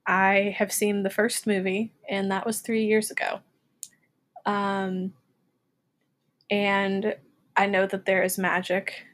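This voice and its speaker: A woman in her twenties co-hosting a casual podcast, chatty and quick to laugh as she tells stories. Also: mid-range voice, flat delivery, a bit bright. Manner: giggly, chatty storytelling. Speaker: podcast co-host. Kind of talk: casual chat.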